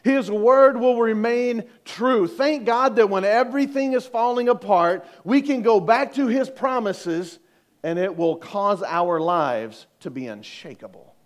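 A man's voice: high voice, expressive, measured pace. A middle-aged male pastor preaching a conversational sermon, joking and asking the congregation questions.

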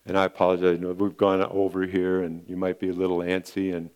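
A man's voice: deep voice, completely flat delivery, fast talker, darkish tone, smooth. A male pastor preaching a sermon in an earnest, repetitive way, often calling his listeners friends.

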